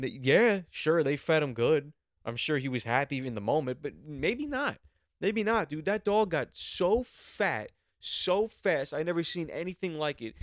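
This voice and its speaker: A man's voice: medium pitch, no echo, studio quality. A man in his twenties, a podcast host, telling rambling stories in a casual monologue and swearing freely. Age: 20s.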